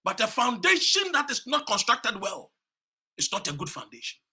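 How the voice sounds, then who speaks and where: A man from Ghana delivers a fiery political speech with a high, bright, husky voice. His pitch swings widely as he preaches, repeating phrases and rising to shouts. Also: sing-song, normal speed. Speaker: political commentator. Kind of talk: impassioned political speech to camera.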